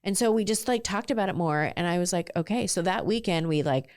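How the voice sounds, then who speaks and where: A woman's voice: on the low side, a little fast, darkish tone, clear, resonant tone, no echo, clean studio sound. A woman in her forties from southern California, a guest telling her story candidly in a casual interview, with lots of "like" fillers. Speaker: guest, ice cream entrepreneur.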